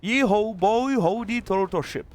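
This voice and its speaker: A man putting on a cheery Texan farmer voice with an exaggerated American Southern accent, loud and hammy. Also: sits high, unhurried, voice pushed up. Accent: put-on American Southern.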